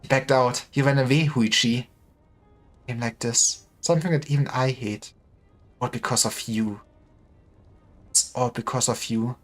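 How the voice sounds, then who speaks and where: Streamer doing a bitter vengeful sword girl, low and hushed, seething. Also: a little slow, long pauses, soft background music, lightly acted. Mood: accusing.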